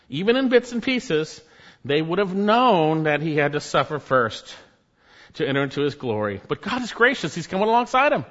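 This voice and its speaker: A man preaching a sermon, emphatic, rising to loud exhortations and dropping to low, quiet stresses. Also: muffled recording.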